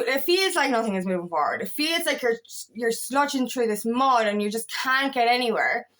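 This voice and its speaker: A woman's voice: a little high, a bit bright. A woman coach in a casual confessional vlog, speaking frankly with plenty of swearing and retelling her own thoughts. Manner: frank and profane, tells stories with self-quotes. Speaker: feminine empowerment coach.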